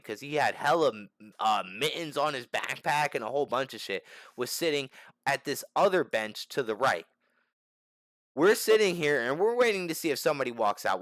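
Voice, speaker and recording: A man's voice: mid-range voice, a bit bright, no echo. A young man telling a story to the camera in a casual, slangy and profane way, restarting his sentences often. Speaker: channel host.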